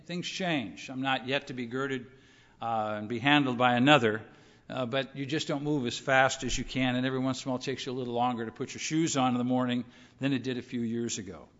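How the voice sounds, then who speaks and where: A middle-aged man delivers a sermon in a measured, conversational tone, often posing rhetorical questions. His voice sits a little high. The sound is muffled and rings with the long reverb of a large hall. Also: a bit bright. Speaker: preacher.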